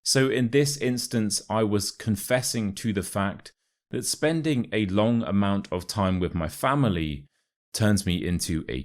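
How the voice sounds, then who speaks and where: Man, modern RP British accent, low voice, slow clear pronunciation drills. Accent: modern RP British English. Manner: repeats phrases slowly and clearly to demonstrate sounds. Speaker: English teacher.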